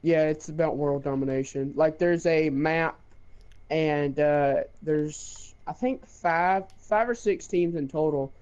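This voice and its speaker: A young man telling a game story in casual chat, animated, laughing and swearing. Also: a little high, slow, dull audio.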